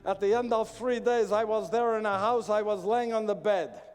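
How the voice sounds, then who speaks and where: Man, very high voice, dramatic first-person storyteller, echoey hall, faint music underneath. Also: steady tone, moderate pace. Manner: dramatic, repeats phrases for emphasis, raises voice when calling out. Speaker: actor portraying a biblical figure.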